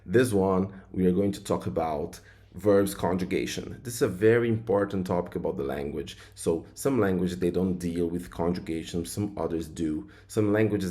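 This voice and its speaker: Low, warm-voiced man teaching grammar. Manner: loose, repetitive explaining with many fillers. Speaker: language teacher. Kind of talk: explaining grammar to viewers.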